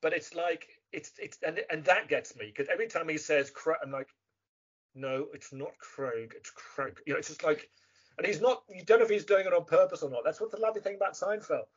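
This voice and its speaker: Brief: English man, husky higher voice, chatty guest, dull lo-fi audio. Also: fast talker. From England. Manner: chatty, animated, mimics voices. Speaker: guest actor. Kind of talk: casual interview chat. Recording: muffled lo-fi remote audio.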